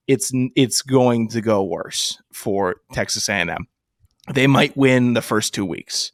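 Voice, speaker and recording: A man's voice: mid-range voice, a little slow, no room sound. Emphatic man, mid voice, dry mic. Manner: emphatic, repetitive, builds rhetorical lists. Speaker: podcast co-host. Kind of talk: casual sports chat.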